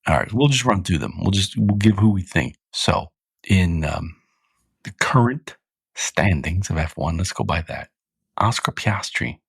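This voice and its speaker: American podcast host, very deep and gravelly, loose rambling talker. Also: male voice, expressive, unhurried, dry recording. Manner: rambling, self-correcting, laughs at own jokes. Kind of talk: casual chat.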